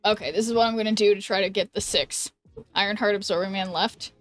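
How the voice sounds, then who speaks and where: Her medium-pitched voice is steady in tone and fast as this American woman from the United States chats casually while gaming on stream. Giggling and trailing off with ums, she's recorded on a dry close mic with no room sound and faint background music.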